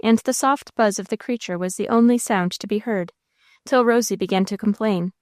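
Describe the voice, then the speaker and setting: A woman narrator giving a measured, expressive reading of a classic novel into a close mic. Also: mid-range voice, no room sound. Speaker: audiobook narrator.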